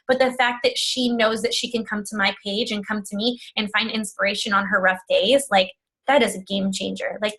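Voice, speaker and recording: A woman's voice: fairly high pitch, fairly bright tone. A woman telling her coaching story on a video call, chatty and emotional, often quoting herself and others. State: tearful at times. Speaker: fitness coach. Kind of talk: personal testimony on a video call.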